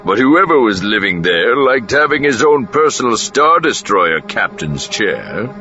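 A male narrator voicing a smug male pirate lackey who speaks archly and slowly. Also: fairly low pitch, big pitch swings, pushed and bright, muffled recording, faint music behind, pitched above the performer's own voice, heavily acted. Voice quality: arch, drawling.

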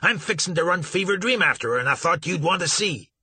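Guy doing a loud blunt riverboat captain, husky and high when he yells, folksy drawl. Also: fairly quick, no room sound, full character voice. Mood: indignant. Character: gruff blustering older steamboat captain, man.

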